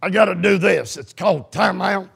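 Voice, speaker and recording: A man preaching a sermon, fervent and folksy, often breaking into shouts. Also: sits high, moderate pace, vocal fry, slightly rough. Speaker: pastor.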